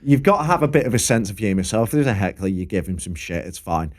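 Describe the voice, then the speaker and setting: A man's voice: lowish voice, lively intonation, quick pace. Sweary, laid-back man. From Preston area, England. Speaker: podcast co-host, local musician. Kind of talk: casual storytelling chat.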